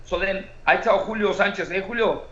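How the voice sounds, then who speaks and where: A man with a very high, bright voice, telling a story with lively energy and easily switching between English and Spanish. He is recorded in an echoey room, and the sound is dull and lo-fi. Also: fairly quick. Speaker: boxing coach and show co-host. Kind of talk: casual storytelling.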